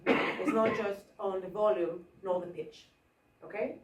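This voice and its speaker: A woman drama teacher leading a workshop, coaxing her group along with questions in an animated teaching manner. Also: mid-range voice, unhurried, very noisy. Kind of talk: interactive teaching. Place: school hall. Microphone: room mic at a distance. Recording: echoey hall from far off.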